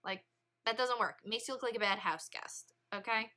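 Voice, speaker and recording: A woman teacher leading a read-along literature lesson, explaining in a lively, chatty way. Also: fairly high pitch, normal speed. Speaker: English teacher.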